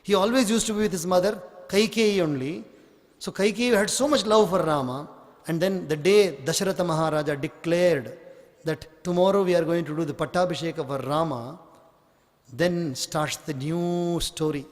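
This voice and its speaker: A man preaching a storytelling sermon, slow and emphatic. His voice is high for a man. It carries a long reverb from a large hall. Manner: slow, emphatic, acts out scenes. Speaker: spiritual teacher.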